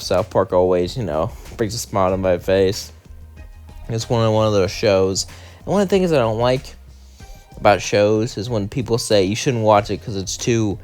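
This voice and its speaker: A man's voice: fairly low pitch, darkish tone. A man hosting his own channel, talking casually and ranting bluntly and emphatically about his opinions. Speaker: channel host. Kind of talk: casual monologue and rant.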